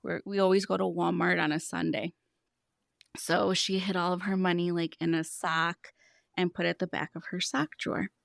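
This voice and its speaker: A woman's voice: on the low side, little pitch movement, moderate pace, vocal fry, dry recording, studio quality. A woman in her thirties, a money coach speaking as a podcast guest, telling stories in an earnest, explanatory way. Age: 30s. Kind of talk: casual podcast conversation.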